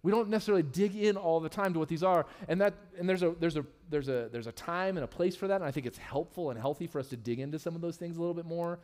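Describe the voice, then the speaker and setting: A man's voice: fast, hardly any pauses. Candid, joking male pastor preaching. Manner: candid and humorous, with lively swings in pitch and loudness. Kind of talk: sermon. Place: church sanctuary.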